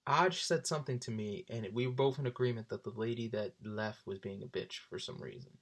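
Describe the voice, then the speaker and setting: A young man in his twenties, casually telling stories, often jumping into high voices for people he quotes. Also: a little fast. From South Jersey. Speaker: vlogger. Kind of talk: casual storytelling.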